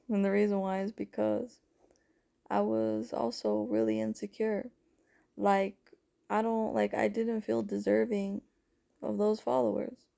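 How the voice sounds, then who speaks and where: A woman's voice: medium pitch, flat delivery, unhurried, creaky, mellow. A woman telling her personal spiritual story to viewers in a rambling, emotional way, calling them folks and honey. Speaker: spiritual content creator. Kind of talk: personal testimony vlog.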